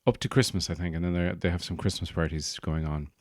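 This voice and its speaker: This Irish stand-up and podcast host talks fast in a low, fairly even voice, clean studio sound with no echo. His casual monologue wanders from joke to joke, with put-on accents along the way.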